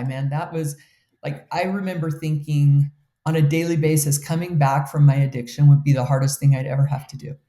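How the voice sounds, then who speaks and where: A woman in her fifties recounts her life in an interview, speaking earnestly and with open emotion. Her voice sounds warm and mellow, and the room around her is noticeably echoey. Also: sits low. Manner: earnest, candid, emotional storytelling. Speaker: guest. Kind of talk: personal storytelling in an interview.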